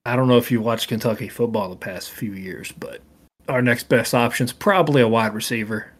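A man's voice: mid-range voice, fairly quick, a bit bright. Laid-back man joking about football. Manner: joking, laughing easily. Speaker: podcast co-host. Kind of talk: casual sports chat.

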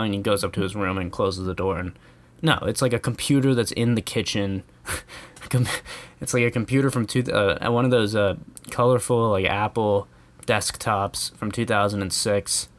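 A rambling American man rants in a loose, comedic way, swearing freely and chuckling at his own points. His voice sits on the low side for a man. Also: fairly even intonation, normal speed. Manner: rambling, profane, chuckling, with many fillers. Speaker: vlogger. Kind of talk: casual comedic rant.

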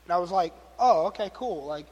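A pastor preaches fairly quickly in a high-pitched, slightly rough voice, animatedly playing the people in his story and joking and laughing throughout. The recording is muffled and carries the long reverb of a large hall.

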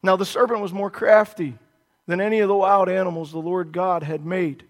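High-voiced emphatic male preacher. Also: steady tone, moderate pace. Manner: emphatic, asks the listeners questions. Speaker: pastor. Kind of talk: sermon.

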